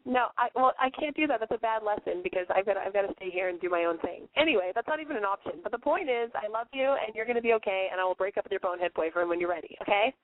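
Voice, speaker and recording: A hoarse woman hosts a late-night call-in radio show, talking brashly and playfully with plenty of swearing. Her voice comes through dry and thin, as if squeezed through a phone line. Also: medium pitch, very fast, few pauses, no echo. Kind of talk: casual call-in radio chat. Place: bedroom, on the floor. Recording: dry, phone-like narrow sound.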